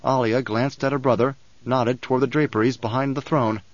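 A male audiobook narrator with a medium-pitched voice reads a novel aloud in a measured, even storytelling style. The scripted narration is recorded dry and sounds slightly dull.

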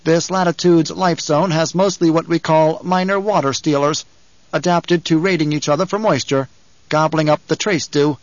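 A man's voice: fairly high pitch, steady tone, normal speed, no room sound, muffled recording, voice pushed up, natural voice. A man voicing a guarded male planetologist in an audiobook, curt and wary. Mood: explaining. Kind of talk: audiobook character reading.

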